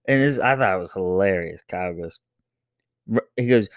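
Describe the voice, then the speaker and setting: A man in his thirties hosting a casual solo podcast. He tells a family story in a lively, animated way, laughing often and jumping into high voices. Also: moderate pace, no room sound, studio quality. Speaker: podcast host.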